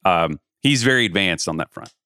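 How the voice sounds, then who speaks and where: A man co-hosting a podcast with a low voice, rambling and self-deprecating as he restarts his sentences. The sound is close and dry, with no room echo. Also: expressive, moderate pace, pushed and bright. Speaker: podcast co-host. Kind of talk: casual basketball chat.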